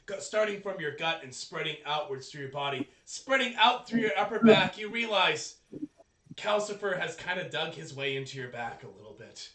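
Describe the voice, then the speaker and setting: A man running a tabletop game as game master, talking casually, swearing a lot and pausing on fillers. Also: on the high side, crowd noise. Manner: profane, excitable, hesitant with fillers. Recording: echoey room, distant mic.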